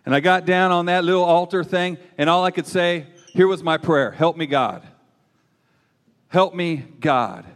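A middle-aged man preaches with a folksy, emphatic delivery and tosses in "man" all the time. His voice sits a bit high for a man. It rings with a long reverb, as if he is in a large hall. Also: measured pace. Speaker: pastor. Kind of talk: sermon with personal testimony.

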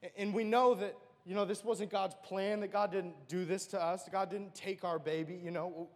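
A man's voice: sits high, steady tone, moderate pace, big-room sound. A man giving an earnest, emotional personal testimony as a church speaker.

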